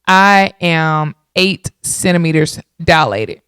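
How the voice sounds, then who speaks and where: A woman in her thirties hosting a podcast, telling her own story in a casual, animated way and talking straight to her listeners. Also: sits low, takes it slowly, smooth, dry recording, clean studio sound. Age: 30s. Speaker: podcast host.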